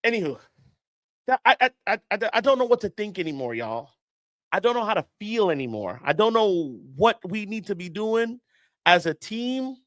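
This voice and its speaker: A man's voice: high voice, very animated, normal speed, fairly bright tone, dry recording, clean studio sound. A young American man ranting in frustration to his viewers, rambling and addressing them directly as a fan channel host. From United States.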